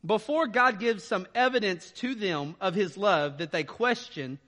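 A man's voice: high-pitched, unhurried, a bit bright. A man preaching a sermon in a casual, conversational way, often checking in with the listeners. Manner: casual, conversational preaching with frequent "right?" and laughs. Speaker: pastor.

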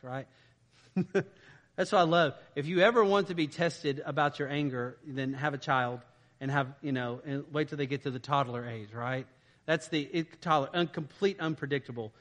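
Guy giving a chatty sermon, keeps saying right?, kinda high voice, long reverb like a church. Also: a bit bright. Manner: informal, asks "right?" often. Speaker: pastor. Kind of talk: conversational sermon.

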